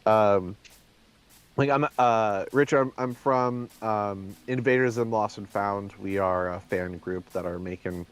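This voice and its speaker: A man's voice: lowish voice, a little slow, clear, resonant tone. Rambling man telling a story. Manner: rambling, many fillers, acts out quotes. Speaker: co-host. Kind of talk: casual chat, anecdote.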